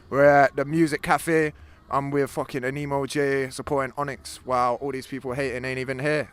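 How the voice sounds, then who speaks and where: A young man with a Leicester accent, a battle rapper who spits a freestyle and rattles off streetwise shout-outs. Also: mid-range voice, a little hiss or hum. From Leicester, England. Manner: streetwise slang, hyped. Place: outside a music venue.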